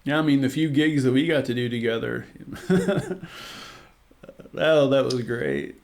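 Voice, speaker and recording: This is a man with a Southern twang, talking easily and at length as a podcast guest. His voice has a gravelly fry to it. His pitch sits in the middle of the male range. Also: a little slow. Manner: easygoing, joking, rambling. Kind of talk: casual podcast chat.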